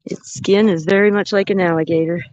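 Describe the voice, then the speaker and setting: A woman's voice: lowish voice, steady tone, brisk, darkish tone, highs cut off. A woman vlogging outdoors on a mountain trail, chatting and thinking aloud into a handheld camera as she hikes. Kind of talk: casual walking vlog narration.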